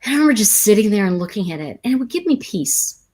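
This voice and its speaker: Woman, tarot teacher, casual livestream host, animated storyteller, voice swings up and down a lot. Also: medium pitch, fast. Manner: animated storyteller who drifts into tangents; reads and answers viewer comments.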